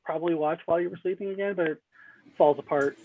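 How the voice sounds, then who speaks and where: A high-pitched man chats as a podcast guest, blunt and jokey, often restarting his sentences. His voice comes through a thin, phone-like line. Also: a little hiss or hum. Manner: blunt, joking, halting restarts. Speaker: guest film reviewer. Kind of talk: casual podcast chat.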